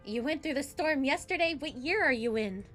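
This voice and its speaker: A woman's voice: sits high, animated, moderate pace, fairly bright tone, faint music behind. A young adult woman streaming a game, chatting casually and giggling, saying "like" a lot.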